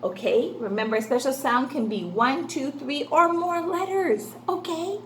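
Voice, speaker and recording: A woman's voice: high-pitched, normal speed, roomy sound, slight background noise. A woman teaching a phonics lesson to young children, sing-song and encouraging, asking questions and answering them herself.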